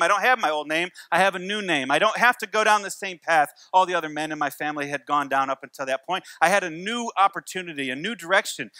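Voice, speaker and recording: A man's voice: high voice, pushed and bright, dry recording. A man in his forties preaching a church sermon, telling stories with wry humor and repeating key lines. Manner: storytelling with wry humor and repetition. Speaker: pastor.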